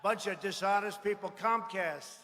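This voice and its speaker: A man giving a rally speech, boastful and mocking, repeating himself and bursting into shouts. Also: sits high, moderate pace. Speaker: political speaker at a rally. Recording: echoey hall with faint ambience.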